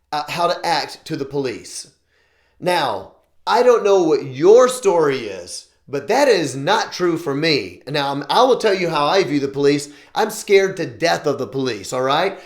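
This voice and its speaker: Male show host, earnest and opinionated, voice on the higher side. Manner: earnest, opinionated, often restarting sentences. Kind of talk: opinion vlog monologue. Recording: roomy echo.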